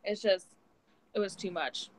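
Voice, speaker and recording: A woman's voice: medium pitch, measured pace, rough recording. A young woman co-hosting a casual chat, blunt and profane, with many filler words. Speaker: podcast co-host.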